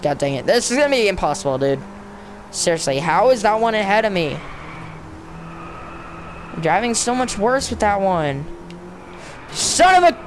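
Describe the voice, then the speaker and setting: Excitable young gamer guy yelling at a race. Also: high voice, slight background noise. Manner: excitable, frustrated, bursts into yelling outbursts; talks to the game and himself, slangy, "dude" and "bro". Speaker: gamer narrating his own play. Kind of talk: casual let's-play commentary.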